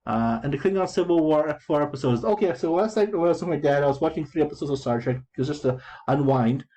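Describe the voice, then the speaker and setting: Casual gamer guy in his thirties, dark mellow tone, meandering storyteller who stumbles over his words. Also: fairly high pitch, fast, low-quality recording. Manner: digressive, full of restarts and repeated words. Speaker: gamer explaining his in-game chat. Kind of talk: rambling casual commentary.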